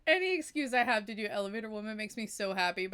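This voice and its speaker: A woman's voice: medium pitch, lively intonation, fast talker, fairly bright tone, clear, resonant tone. Giggly woman streamer chatting casually. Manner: chatty, laughs often, giggly asides. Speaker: streamer playing a story game. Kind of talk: casual live-stream commentary.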